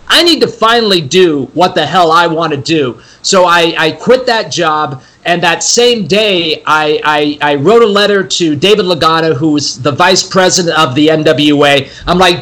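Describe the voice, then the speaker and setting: A man from the West Coast chats as a podcast guest in a high, bright voice. He talks with eager enthusiasm and drops curse words casually. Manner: enthusiastic, chatty, swears freely.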